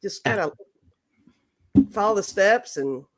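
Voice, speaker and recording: A woman co-hosting a casual livestream chat, telling stories in an animated way and trailing off softly. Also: mid-range voice, takes it slowly. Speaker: co-host.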